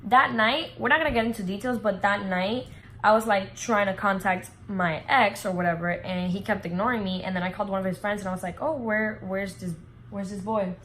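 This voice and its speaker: A woman's voice: mid-range voice, brisk, a little hiss or hum, low-quality recording. A young woman vlogger telling a casual storytime, full of fillers and swearing. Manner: animated, heavy filler words, swears freely.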